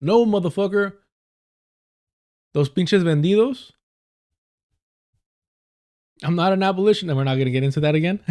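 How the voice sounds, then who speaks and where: A man's voice: high voice, fairly quick, pauses often, darkish tone. A man reacting to clips on a live stream in a sarcastic, profane, ranting way, from an indoor room. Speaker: political streamer.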